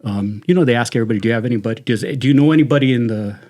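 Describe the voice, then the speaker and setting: A man's voice: medium pitch, rapid-fire, darkish tone. A middle-aged man with a Southern Californian accent, a retired sheriff's deputy, telling profane, laughing anecdotes in casual talk. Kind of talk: casual storytelling.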